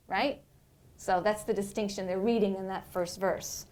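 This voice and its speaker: A middle-aged woman professor giving a lecture. She talks in an animated, playful way and checks in with "right?" as she goes. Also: mid-range voice, moderate pace. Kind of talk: lecture on religious texts.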